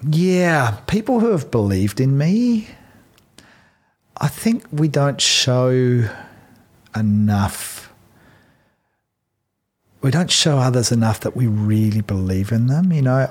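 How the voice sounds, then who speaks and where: Husky Australian man in his fifties. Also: fairly low pitch, darkish tone. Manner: reflective, storytelling with frequent ums. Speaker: podcast guest. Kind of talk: casual conversation.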